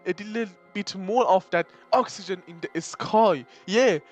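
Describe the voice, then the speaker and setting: A man's voice: high-pitched, measured pace, soft background music. Joking, swearing young man reading a visual novel. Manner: swears and jokes between dramatic reading.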